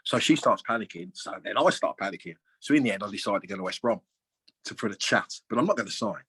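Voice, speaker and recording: Husky older man telling a story. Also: fairly low pitch, quick pace. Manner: lively, acts out other people's lines with big jumps in voice; colloquial, chatty. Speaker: guest, former footballer. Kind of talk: anecdotal storytelling.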